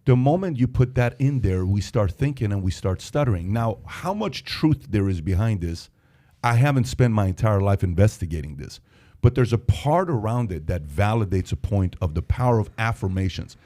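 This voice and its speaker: Animated man telling a story. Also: on the low side, moderate pace. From Iran. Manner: animated storyteller, acts out dialogue. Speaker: podcast host. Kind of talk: podcast discussion.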